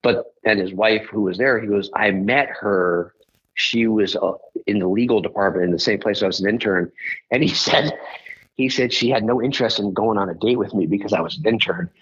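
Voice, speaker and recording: A man with a husky, slightly rough voice tells a story as a podcast guest. He rambles and restarts his sentences as he goes. The recording sounds a little dull and lo-fi. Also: on the low side, a little fast, fairly bright tone. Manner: rambling, self-correcting storyteller.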